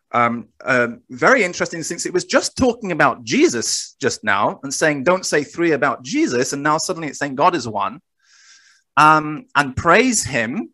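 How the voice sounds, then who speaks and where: Bright-voiced man explaining slides. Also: a little high. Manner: measured, explanatory, self-correcting. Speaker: guest presenter. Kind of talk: explaining slides in a recorded discussion.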